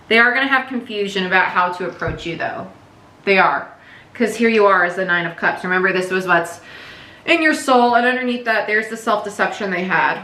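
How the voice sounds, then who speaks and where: A woman's voice: medium pitch, bright, forceful tone, reverberant. A woman giving a casual, chatty tarot reading, speaking candidly and swearing now and then. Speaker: tarot reader.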